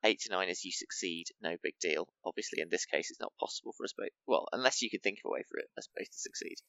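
A man's voice: low voice, quick pace, bright, forceful tone, clean tone, dry recording. A man playing a tabletop game, talking casually and rambling with many fillers and restarts. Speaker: player. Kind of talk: casual tabletop game chat, in-character interview. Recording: dull lo-fi dry sound.

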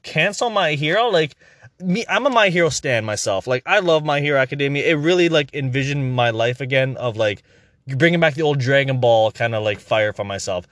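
A man's voice: fairly high pitch, fairly bright tone, dry recording, studio quality. A young man hosting a podcast, ranting in a heated, profane, exasperated way in casual commentary.

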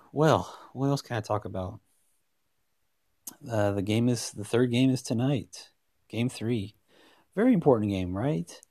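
A man hosting a solo sports podcast, talking in a rambling, excitable way with many restarts. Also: on the low side, dry recording, clean studio sound. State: hiccups. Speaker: podcast host.

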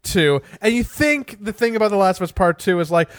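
A young man co-hosting a casual podcast, chatty and teasing, who turns energetic and hyped when he opens the show. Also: high voice, fairly quick. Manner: energetic, teasing, rising to a loud hyped intro. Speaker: podcast co-host.

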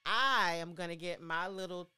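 A woman co-hosting a laid-back sports podcast, playful and a little halting as she speaks. Her voice is smooth and clear and sits slightly low for a woman, with faint music in the background. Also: sharp tone. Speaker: podcast co-host. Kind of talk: casual sports podcast chat.

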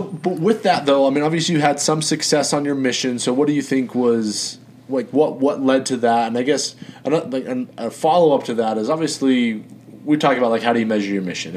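A man's voice: mid-range voice, a little mellow, slight background noise. A man hosting a casual podcast interview, who repeats words as he frames his questions. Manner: friendly, repeats words while framing questions. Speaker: podcast host.

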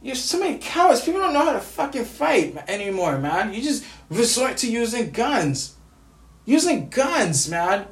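A man's voice: extremely high pitch, very animated, moderate pace. Furious, stammering man ranting in an echoey room. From United States. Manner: angry, profane, stammering repetitions. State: grieving, furious. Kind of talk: angry personal vlog rant.

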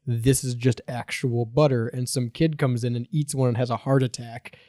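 A man hosting a podcast in casual chat, animated and joking, telling rambling stories. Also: mid-range voice, normal speed, no echo, clean studio sound. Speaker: podcast host.

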